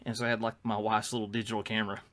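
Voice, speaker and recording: A man's voice: lowish voice, level tone, rapid-fire, fairly bright tone. A middle-aged man, telling stories in casual podcast chat, rambling with fillers and restarts. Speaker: podcast co-host.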